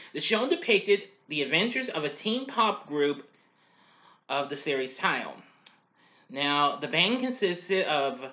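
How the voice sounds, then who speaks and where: Male host for a casual cartoon review: a bit high-pitched, tense, bright tone, chuckly, loose and meandering delivery. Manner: rambling, heavy on "well" and "anyway" asides.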